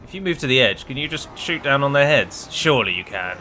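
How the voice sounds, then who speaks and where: A man's voice: mid-range voice, expressive, fairly quick, sharp tone. A man giving casual live gameplay commentary, chatty and wry, talking to his units as he plays. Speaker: gaming video creator.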